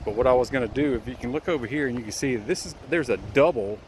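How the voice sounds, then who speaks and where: A man's voice: mid-range voice, quick pace, a little mellow, a little hiss or hum. A contractor, slightly out of breath, gives a plainspoken walkthrough of finished work, often restarting sentences as he points things out. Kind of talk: casual walkthrough update. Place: outdoors at a building site.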